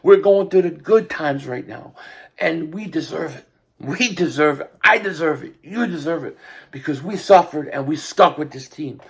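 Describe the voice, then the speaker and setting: An older man giving an impassioned sports fan rant, repeating himself and building to shouts. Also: a little high, lively intonation, moderate pace, vocal fry, husky. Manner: fervent, repetitive, rising to shouts. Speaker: sports vlogger.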